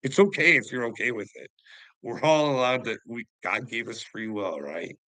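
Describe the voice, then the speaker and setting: A man's voice: medium pitch, normal speed, bright, forceful tone, dry recording, low-quality recording. A Canadian man on a casual livestream, taunting his viewers by name and laughing often between phrases. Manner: addresses chatters by name, mocking.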